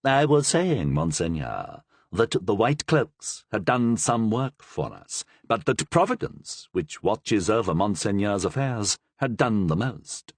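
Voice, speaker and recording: A man's voice: on the low side, big pitch swings, slow pace, few pauses, dry recording, exaggerated voice. A man voicing a sly, deferential male Capuchin friar in a storybook reading, talking eagerly.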